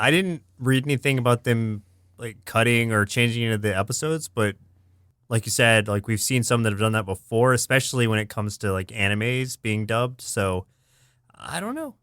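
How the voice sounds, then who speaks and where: A relaxed man co-hosting a cartoon podcast, with an average-pitched voice. He talks in a loose, drawn-out way, full of fillers. The recording is close and dry. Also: dry recording. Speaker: podcast co-host. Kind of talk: casual chat about cartoons.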